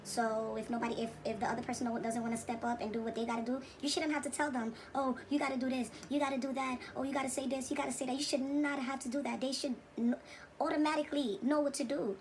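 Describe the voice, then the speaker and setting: A woman's voice: high-pitched, flat delivery, fast, slight background noise, poor audio. A woman hosting a reaction video, giving preachy commentary and repeating her points for emphasis.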